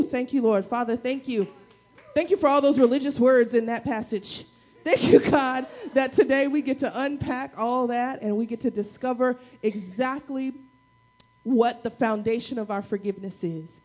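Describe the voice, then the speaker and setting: A woman pastor preaching a sermon to her church, energetic, with call-and-response and playful asides. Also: on the high side, normal speed. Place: church service.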